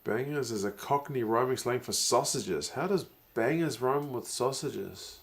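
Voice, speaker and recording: With a medium-pitched voice and a measured pace, a man chats casually on a live stream while watching a rugby match. He reads out viewer comments, chuckles frequently, and gets excited whenever there's a big play.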